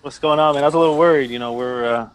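A man's voice: mid-range voice, racing, poor audio. A man hosting a casual podcast, bantering easily and chuckling as he talks. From Chicago area, USA. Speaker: podcast host. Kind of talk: casual chat.

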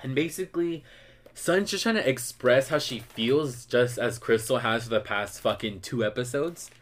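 A man's voice: medium pitch, moderate pace. Male podcast host, mid-range voice, gossipy and blunt, casual swearing recap energy. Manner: chatty, gossipy, swears freely.

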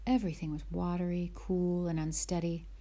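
Woman storybook reader, low warm voice, gentle, whispers at tense moments. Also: flat delivery, moderate pace. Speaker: narrator. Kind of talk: reading a children's book aloud.

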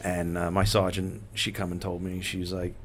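A man's voice: sits low, monotone, moderate pace, a bit bright, slight background noise. A man and former police officer in casual conversation, hesitant with lots of fillers.

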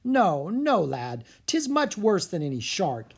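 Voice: medium pitch, very animated, slow pace, slightly rough, voice pushed up, heavily acted. An audiobook narrator voicing a superstitious male sailor who tells monster stories dramatically. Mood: spooky. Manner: dramatic, spooky tale-telling.

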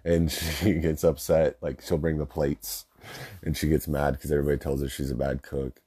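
In a very deep, warm voice with a breathy edge, level in tone and moderate in pace, a young man tells family stories in a casual way. He goes off on tangents, swears, and laughs as he talks.

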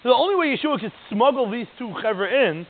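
A man giving a lively, digressive lecture as a religious teacher, often checking in with "right?". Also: very high voice, fast talker. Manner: animated, digressive, keeps asking "right?". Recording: tinny phone-like line.

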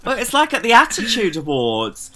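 A man chatting as a guest, animated and giggly, telling stories with quoted voices. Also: sits high, normal speed, slight background noise. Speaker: guest, drag performer. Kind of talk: casual chat.

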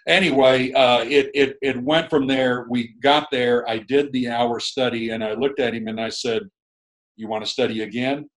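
A man's voice: medium pitch, steady tone, moderate pace, hardly any pauses, low-quality recording. A middle-aged man, a guest minister, telling a long story in a rambling, chuckling, casual way with many restarts.

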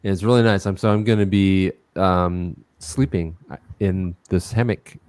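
A man co-hosting a podcast, telling a rambling, excited story in casual chat with some self-mockery. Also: deep voice, unhurried, clear, resonant tone, no room sound. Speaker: podcast co-host.

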